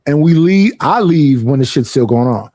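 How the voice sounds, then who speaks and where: A young man, streaming a casual, profane, animated rant about personal space and family gatherings. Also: mid-range voice, moderate pace, no echo, clean studio sound.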